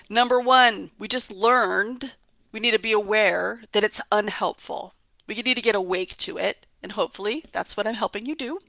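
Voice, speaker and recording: A woman's voice: medium pitch, a bit bright, no room sound. Emphatic woman giving a motivational talk. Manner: emphatic, repetitive, coaching. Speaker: host.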